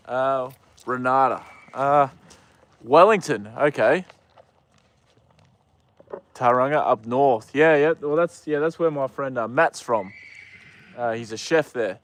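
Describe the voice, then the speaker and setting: A man's voice: mid-range voice, slow pace, long pauses. Laid-back Australian guy chatting live. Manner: relaxed, rambling, many ums and uhs. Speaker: live-streamer. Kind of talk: casual live-stream chat. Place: outdoors with a horse.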